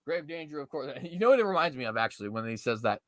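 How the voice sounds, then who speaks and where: A man's voice: medium pitch, very animated, rapid-fire, no echo, clean studio sound. A man in his twenties hosting political commentary, reading news aloud with heavy sarcasm and sudden mocking outbursts. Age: 20s. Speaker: commentary host.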